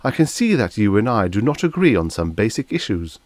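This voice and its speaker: A courteous, good-natured alien creature that talks in formal, well-mannered phrases, read by a man. The voice is pitched a little above a deep natural register and sounds close and dry. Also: big pitch swings, brisk, dry recording. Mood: genteel.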